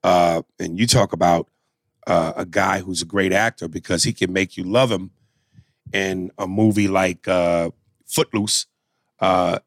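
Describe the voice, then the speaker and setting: A man's voice: sits low, fairly even intonation, unhurried, dry recording, studio quality. A man co-hosting a casual podcast chat, joking loosely and swearing freely. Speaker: podcast co-host.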